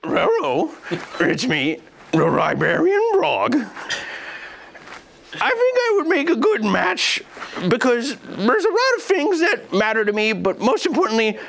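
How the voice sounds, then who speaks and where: A man's voice: extremely high pitch, huge pitch swings, unhurried, creaky, fairly bright tone, a little hiss or hum, heavily acted. A man playing an earnest male librarian dog wrestler, laughing through a sheepish promo.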